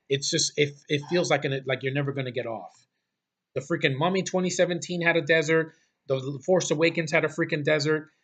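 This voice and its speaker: A man's voice: on the high side, a bit bright. A man ranting about a movie in a casual, blunt, exasperated way, swearing often and rambling through restarts. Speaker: movie reviewer.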